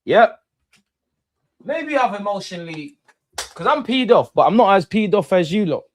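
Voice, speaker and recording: A young man talks through a football match for his live audience. His voice sits a little high, and he argues back at his chat with plenty of swearing and exasperated indignation. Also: animated, normal speed, a little hiss or hum. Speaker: football watchalong host.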